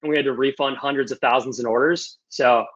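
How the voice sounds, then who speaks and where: A young man answering audience questions casually on a video call, loose and animated, with some swearing. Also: mid-range voice, fast. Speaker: guest speaker. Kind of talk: casual Q&A on a webinar. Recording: muffled lo-fi video call audio.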